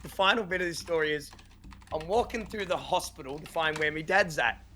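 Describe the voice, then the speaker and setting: A man's voice: fairly high pitch, fairly quick, sharp tone, a little hiss or hum. A young man telling a story in casual chat, acting out quotes with lots of swearing and laughter. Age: young adult. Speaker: podcast guest.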